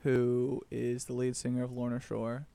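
Gravelly, easygoing young man. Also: mid-range voice, monotone, moderate pace, dark tone. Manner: hesitant, many ums, easygoing. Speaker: co-host. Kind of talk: casual chat.

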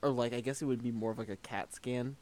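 A man's voice: medium pitch, steady tone, fast talker, a little mellow. A young man chatting casually as a co-host, playful, often laughing and trailing off mid-thought. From St. Louis. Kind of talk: casual chat.

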